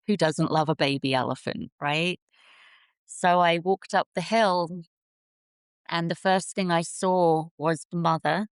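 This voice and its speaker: A woman's voice: fairly low pitch, clean tone, no room sound. A woman in her forties, originally from England, telling the story of how her sanctuary began in an earnest, vivid way. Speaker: sanctuary founder, guest. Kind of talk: storytelling in an interview.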